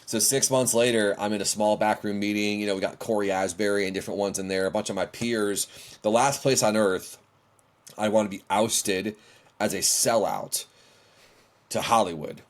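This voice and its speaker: A man's voice: on the low side, moderate pace. A middle-aged man, telling stories as a guest in a podcast interview and acting out his own past lines. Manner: animated, acts out his own past dialogue. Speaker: worship leader, guest.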